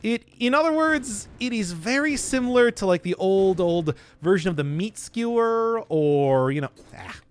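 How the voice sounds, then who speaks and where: A man's voice: high voice, expressive, moderate pace, few pauses, clean tone. A man streaming a video game, chatting casually with jokes and rambling restarts while answering chat. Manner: jokey, rambling, self-interrupting. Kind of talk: casual gameplay commentary.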